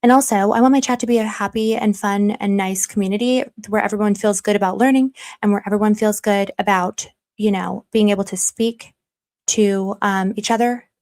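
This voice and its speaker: A woman's voice: medium pitch, fairly even intonation, normal speed, darkish tone. Chatty woman hosting a live stream. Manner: chatty and self-deprecating, reads chat aloud, slips into mock stern warnings. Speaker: livestream commentary host. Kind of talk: casual live-stream chat.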